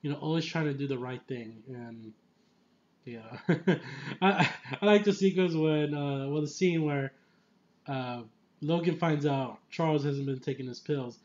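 A man's voice: fairly high pitch, measured pace, darkish tone, muffled recording. A man giving a casual, enthusiastic film review, rambling with lots of fillers and often laughing. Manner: laughs often mid-sentence. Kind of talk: casual spoiler movie review.

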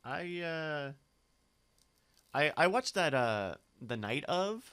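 A man's voice: fairly high pitch, very animated, slow pace, a bit bright, smooth. A man co-hosting a podcast, chatting in an easygoing way with hesitant fillers. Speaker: podcast co-host. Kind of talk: casual chat.

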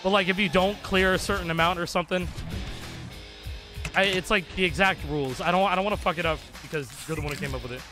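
A man with a fairly high voice chats loosely with his viewers while streaming a rhythm game. He rambles and swears, leaning on filler words. Loud game music plays behind him. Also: quick pace. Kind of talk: casual live-stream chat.

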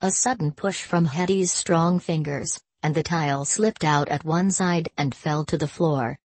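Low-voiced woman narrating a story. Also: a little slow, darkish tone, no room sound.

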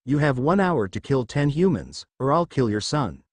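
A man's voice: mid-range voice, sing-song, moderate pace, dry recording. A man voicing a sneering, threatening alien warrior in a story reading.

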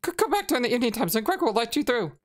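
A deferential school servant stammers out apologies and polite instructions, played by a woman reading game dialogue. The voice sits high and swings around. Faint music plays behind. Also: sing-song, racing. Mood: apologetic. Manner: apologetic, stammering, calls others young master.

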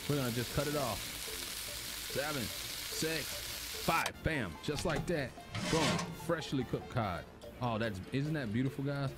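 A man's voice: mid-range voice, animated, unhurried. A man narrating a cooking game, talking to viewers and getting flustered and panicky. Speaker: gaming YouTuber. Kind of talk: casual gameplay commentary. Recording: loud game music behind.

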